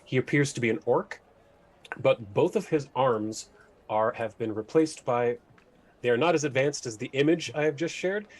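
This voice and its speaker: A man's voice: mid-range voice, moderate pace. A man running a tabletop game as game master, describing scenes with many hesitations.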